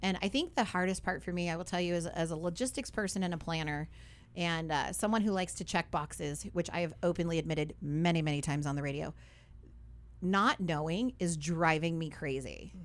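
A woman's voice: lowish voice, fairly quick. A young adult woman hosting a radio talk show, chatty and upbeat, often adding "right?" and "like".

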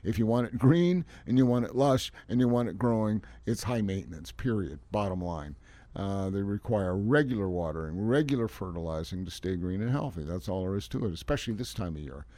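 A man's voice: fairly low pitch, expressive, a little fast, dark tone, no room sound. An older man who installs lawns, chatting on a radio show in a folksy, rambling, emphatic way. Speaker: landscaping guest expert on a radio show. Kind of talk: casual radio chat.

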